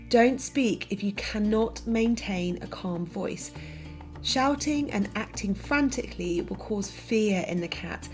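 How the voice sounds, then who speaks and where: A woman reading a scripted narration for a pet-care lesson, clear and informative. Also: mid-range voice, a little mellow.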